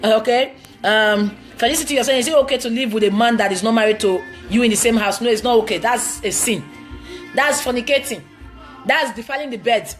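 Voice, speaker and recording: A fairly high-voiced woman with a Nigerian accent answers viewers live, blunt and preachy, hammering each point home. Faint music plays softly behind her. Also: fairly quick. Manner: blunt, emphatic and preachy, with broken phrasing. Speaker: relationship advice vlogger.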